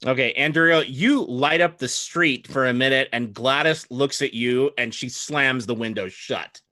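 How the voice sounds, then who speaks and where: A man's voice: medium pitch, normal speed, bright, forceful tone, no room sound, studio quality. A man running a tabletop game as game master, playful and teasing with his players.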